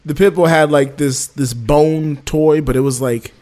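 A man co-hosting a casual chat, telling a story with animated delivery and frequent laughs. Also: a little high, a little slow. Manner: animated storytelling, laughs often, acts out quoted voices. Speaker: podcast co-host.

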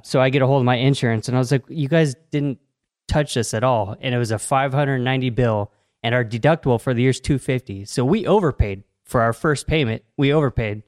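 A clear-voiced man with a mid-range voice tells a story in casual chat as a podcast co-host, animated and laughing often. The recording is dry with clean studio sound.

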